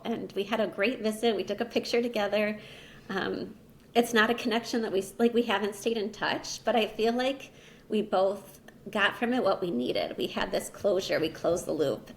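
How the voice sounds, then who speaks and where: A woman's voice: medium pitch, a little hiss or hum. A woman in her thirties, a podcast guest and language teacher, tells a personal story in a casual, chatty way, peppering her speech with "like" and "you know.".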